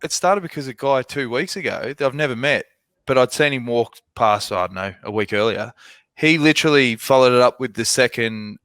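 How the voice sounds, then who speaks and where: A man's voice: medium pitch, fairly quick, fairly bright tone, clear, resonant tone, no room sound. Young aussie guy chatting on a podcast, acts out convos, clean dry sound. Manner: chatty storyteller, acts out exchanges. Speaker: podcast co-host. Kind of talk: casual chat.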